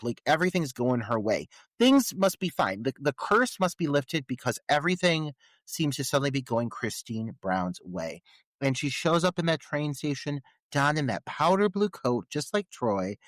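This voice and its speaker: A man co-hosting a podcast, talking through a film in relaxed chat, full of filler words. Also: a little high, dry recording, clean studio sound. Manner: conversational, many filler "like"s. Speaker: podcast co-host. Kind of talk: casual film discussion.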